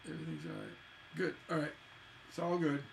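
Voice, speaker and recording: A man's voice: a little high, level tone, fairly quick, vocal fry, a little hiss or hum. Chatty man scatting song rhythms. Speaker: songwriting teacher. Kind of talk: livestreamed songwriting lesson.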